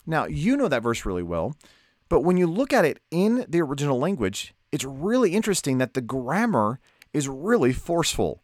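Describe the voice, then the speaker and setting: A man teaching a lesson on Bible study in a lively, conversational way, asking rhetorical questions. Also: on the high side, moderate pace, dry recording, studio quality.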